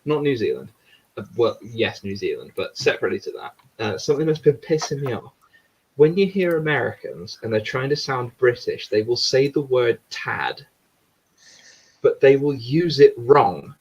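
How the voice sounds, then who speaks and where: A man's voice: mid-range voice, big pitch swings, moderate pace, darkish tone, breathy edge, lo-fi sound. A man hosting a casual chat, rambling and swearing freely. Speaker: host.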